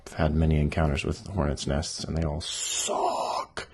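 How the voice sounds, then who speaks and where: Deep-voiced man musing aloud. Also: flat delivery, moderate pace, a little mellow, slight background noise. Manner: self-deprecating, thinking aloud, chatty asides. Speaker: writer reading his own story. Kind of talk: casual monologue while editing a story aloud.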